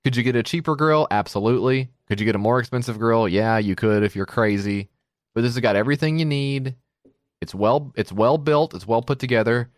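A man's voice: mid-range voice, dry recording, studio quality. A middle-aged man co-hosting a podcast, rambling through stories and acting out quoted voices in casual chat. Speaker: podcast co-host.

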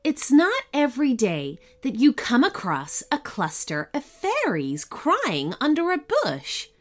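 A woman hosting a children's story podcast, reading shout-outs and narrating a bedtime story in an expressive, soothing way. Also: sits high, a little slow.

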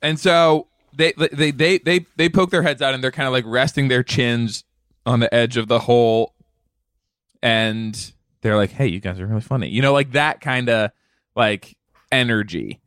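Smooth-voiced playful podcast man. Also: mid-range voice, unhurried, a bit bright, no room sound, clean studio sound. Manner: playful storytelling, lots of filler words. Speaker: podcast co-host. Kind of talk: comedic podcast banter.

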